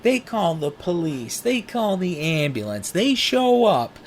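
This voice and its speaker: A man's voice: sits high, unhurried, slight background noise. A young man telling a personal story in a candid, profane, casual way. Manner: candid, profane, animated retelling. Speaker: podcast host.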